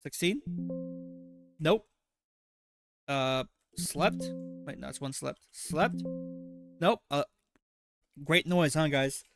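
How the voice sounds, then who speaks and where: A man's voice: on the high side, expressive, slow pace, vocal fry, long pauses, music in the background. A man hosting a casual livestream, reacting to clips with crude, sarcastic rambling. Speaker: livestream host.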